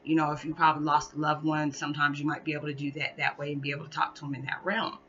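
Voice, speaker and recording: A woman's voice: low voice, completely flat delivery, rapid-fire, a bit bright, lo-fi sound. A woman vlogger telling a spiritual story in a chatty, rambling way, often restarting and laughing. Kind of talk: casual storytelling monologue.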